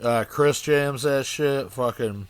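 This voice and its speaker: A man's voice: mid-range voice, slow, clean tone, no room sound. A man co-hosting a podcast, talking casually and profanely with lots of fillers. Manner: laid-back, profane, filler-heavy. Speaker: podcast co-host. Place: studio.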